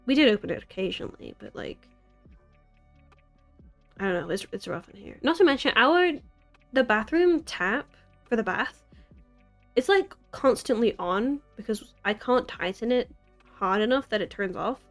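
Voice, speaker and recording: A woman's voice: fairly high pitch, animated, moderate pace, long pauses, faint music behind. A young American woman in her twenties, chatting casually on a live stream from her city apartment, rambling and giggling at herself. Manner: rambling, giggly, self-deprecating. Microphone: desk mic.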